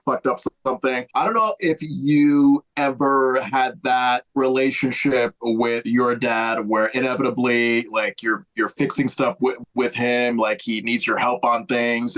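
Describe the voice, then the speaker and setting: Young guy from connecticut rambling on a recap podcast, lots of uhs and likes, mid-pitched. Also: fairly bright tone, low-quality recording. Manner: rambling, chatty, frequent fillers and restarts. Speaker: podcast co-host. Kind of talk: casual recap chat.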